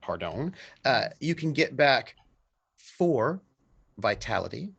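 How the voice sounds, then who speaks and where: A man narrating scenes as game master of a tabletop role-playing game, unhurried and descriptive. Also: mid-range voice, sing-song, creaky, a bit bright, husky, muffled recording.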